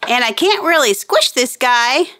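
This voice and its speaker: A woman presenting a playful toy demonstration for children in an excited, sing-song way, with playful roars. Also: high voice, unhurried, slight background noise. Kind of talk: playful toy demo for kids.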